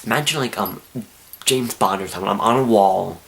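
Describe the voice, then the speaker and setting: Excitable teen guy telling a story. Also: on the low side, a little fast, vocal fry. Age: teens. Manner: excitable, animated, acts out his own screams and whispers. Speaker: vlogger. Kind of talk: storytelling to camera.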